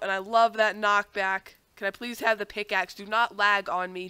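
A woman's voice: medium pitch, fairly quick, few pauses, pushed and bright, smooth, dry recording. A young woman with a cold, rambling through casual gameplay commentary with self-mocking asides that keep sidetracking her. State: has a cold. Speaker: gaming channel host.

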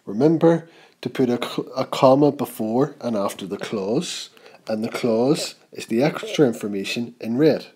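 A man teaching a grammar lesson, reading example sentences slowly and with emphasis. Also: mid-range voice, animated, warm tone, slight background noise. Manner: slow, clear, reads example sentences aloud with emphasis.

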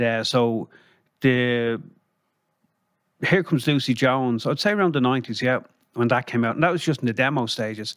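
A man's voice: mid-range voice, dry recording, studio quality. An Irish man, a guest on a casual interview, telling rambling anecdotes and acting out the people he quotes.

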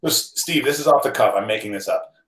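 A man co-hosting a casual chat, firing off playful, quick questions. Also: mid-range voice, fairly bright tone, reverberant, poor audio. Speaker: podcast co-host. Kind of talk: casual group chat over video call.

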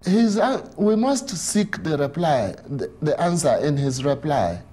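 A man explaining Catholic teaching in an emphatic, animated way, often asking rhetorical questions. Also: a little high, measured pace, slightly rough.

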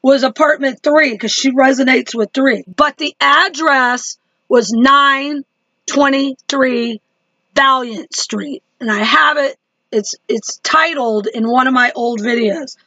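A woman's voice: high voice, takes it slowly, bright, forceful tone, dry recording, highs cut off. A woman chatting to her viewers in a casual religious video diary, laughing easily. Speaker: Christian vlogger.

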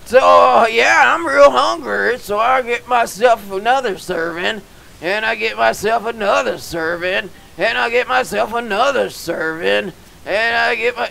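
Brief: male gamer, goofy hick persona, bright, sharp tone, creaky and gravelly, prone to excited shouting. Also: extremely high pitch, takes it slowly, rough recording. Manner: goofy dim-witted yokel persona with folksy slang. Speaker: gamer vlogger. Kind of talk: comedic gameplay commentary.

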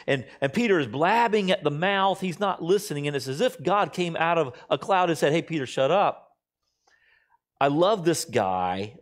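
A middle-aged man preaching a sermon as pastor, talking conversationally and telling stories, sometimes acting out other people's lines. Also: medium pitch. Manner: conversational storytelling, quoting others in shifting voices.

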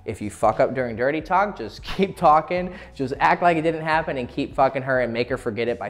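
A man's voice: mid-range voice, expressive, fairly quick, hardly any pauses. Crude, laughing man giving dating advice. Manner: crude, profane, laughs often. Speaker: dating coach. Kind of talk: casual instructional talk.

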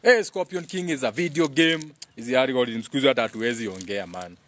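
A man's voice: medium pitch, quick pace, a bit bright. A man hosting a live stream, preaching in a rambling monologue that hops between English and Swahili and reads out viewer comments. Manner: repeats phrases in chant-like bursts.

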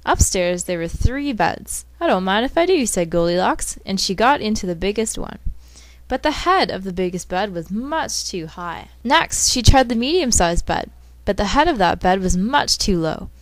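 A woman reading a fairy tale aloud and breaking in with math explanations, steady, with livelier story beats. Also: mid-range voice, moderate pace, no room sound.

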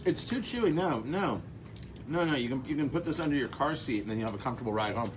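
Lively joking man on talk radio. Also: mid-range voice, fast talker. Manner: joking, animated, laughs often. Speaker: radio host. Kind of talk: casual chat.

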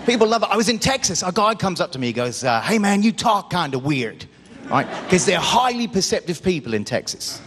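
A man's voice: high-pitched, very animated, fast talker, few pauses. A man with an Australian accent performing a stand-up comedy set, shifting into put-on voices and accents for his characters. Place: comedy club stage with audience. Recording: live club recording, loud crowd and noise, hall reverb.

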